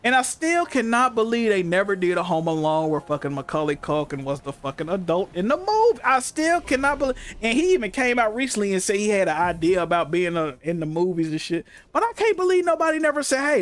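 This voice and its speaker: A young man streaming from his room, telling stories in casual, profane, animated chat. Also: sits high, fairly quick, hardly any pauses. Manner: animated, profane storytelling with frequent laughs. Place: home room.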